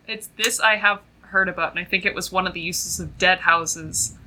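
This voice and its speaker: A woman's voice: lowish voice, fairly even intonation, moderate pace, bright, forceful tone, poor audio. A woman chatting casually, tentatively recalling something aloud. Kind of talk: casual chat.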